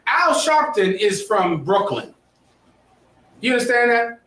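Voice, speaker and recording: A man's voice: very high voice, very animated, slow, pushed and bright. A man teaching a history class, lecturing emphatically and quizzing his students. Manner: emphatic, preachy, asks the class questions. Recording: echoey room, mic far off.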